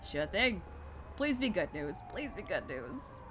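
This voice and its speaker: A woman voicing a weary, gruff middle-aged male police detective in game dialogue. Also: sing-song, a little slow, noisy background. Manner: low, tired, gruff. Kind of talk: game dialogue read aloud.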